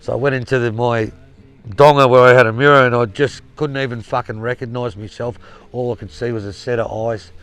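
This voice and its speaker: A man's voice: mid-range voice, fairly even intonation, a little fast, a bit bright, smooth, dry recording. An Australian man telling a rambling yarn in casual spoken style, blunt and swearing freely. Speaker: storyteller.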